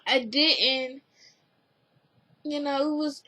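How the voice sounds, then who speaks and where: A woman's voice: high-pitched, fairly even intonation, extremely slow, pushed and bright, low-quality recording. A woman giving a casual spoken recap of a TV episode, rambling with lots of "like" and "you know", earnest and emotionally open. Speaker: TV recap vlogger.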